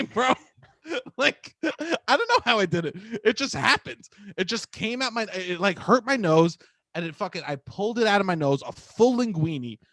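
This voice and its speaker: Loud high-voiced young man, profane. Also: no room sound. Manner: loud, profane, storytelling with big pitch swings. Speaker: podcast co-host. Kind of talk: casual chat.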